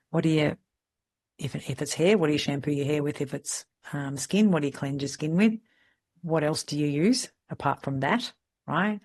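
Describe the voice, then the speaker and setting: A middle-aged woman with an Australian accent, a podcast host telling candid, lively stories in casual chat. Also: low voice, slightly rough. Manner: lively, candid anecdotal storyteller. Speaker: podcast host, salon mentor.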